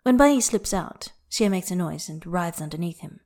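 Woman narrator, low-pitched, soft and intimate fiction reader. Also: animated, normal speed. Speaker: audiobook narrator.

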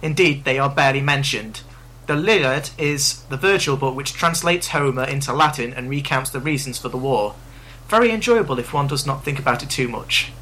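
Podcast co-host, male, bright crisp voice, steady reading, faint hum. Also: medium pitch, brisk. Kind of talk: casual chat and reading listener feedback.

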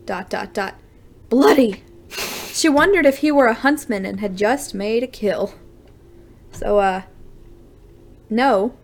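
A woman's voice: a little high, unhurried, long pauses, a little hiss or hum. A woman podcast host casually reading fan fiction aloud with playful, dramatic asides.

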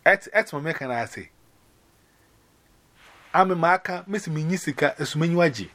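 A man's voice: fairly high pitch, expressive, normal speed, fairly bright tone. A man from Ghana rambling casually on a phone call, slipping between English and Akan.

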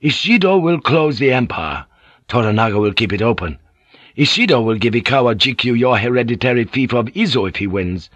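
A man's voice: mid-range voice, lively intonation, brisk, no room sound. A man reading an earnest, persuasive samurai vassal. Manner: earnest, persuasive, quietly authoritative. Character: loyal, shrewd samurai vassal, adult man. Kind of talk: audiobook character reading.

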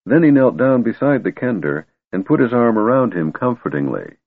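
A man narrating a fantasy audiobook in a husky, expressive voice. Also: mid-range voice, normal speed, dry recording. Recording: tinny, phone-like and dry.

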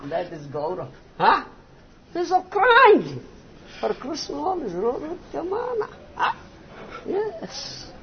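High-voiced slow guru prodding listeners. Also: male voice, wildly swooping pitch. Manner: repetitive, emphatic, often asks "huh?". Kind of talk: devotional lecture with disciples. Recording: muffled noisy archival recording.

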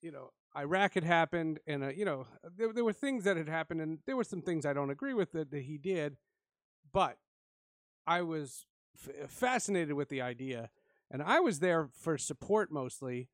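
Animated man telling a laughing story. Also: fairly high pitch, normal speed, no echo, clean studio sound. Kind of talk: casual storytelling chat.

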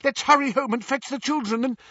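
A frantic middle-aged witch pleading in a breathless, high rush, as a man puts her on. Her lines come out raspy and bright, lively in pitch. It sounds dull and dry, like a close studio audiobook read. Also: brisk, no echo, far from the mic, exaggerated voice.

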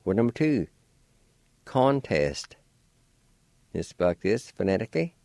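A man's voice: lowish voice, very animated, a little slow, creaky, darkish tone, no echo. A man teaching pronunciation, spelling words out letter by letter in a patient, encouraging way. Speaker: language teacher. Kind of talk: slow spelling and pronunciation lesson. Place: radio studio.

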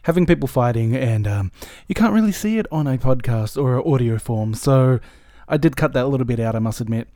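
Mellow-voiced male podcast host. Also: medium pitch, a little fast, few pauses, no echo, studio quality. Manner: relaxed, chatty, some swearing. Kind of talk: casual podcast commentary.

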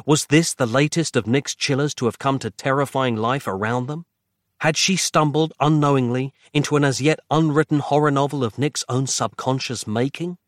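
A man narrating a horror audiobook with dramatic, measured pacing. His voice sits at a middle pitch. It is recorded dry and close on a studio mic. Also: no echo.

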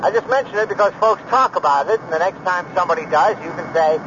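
A relaxed, chatty airline captain in a radio play, his fairly high voice coming through the cabin PA. The old broadcast sounds dull and muffled, with a steady engine drone behind him. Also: fast, noisy background. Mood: breezy. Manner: easygoing, chatty. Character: calm airline captain making announcements. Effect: heard over a PA system.

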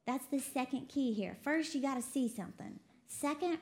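A woman from Texas preaching a lively sermon, laughing often and quoting voices as she talks. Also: high-pitched, normal speed, few pauses. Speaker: preacher co-hosting a broadcast. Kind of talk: sermon to a women's audience.

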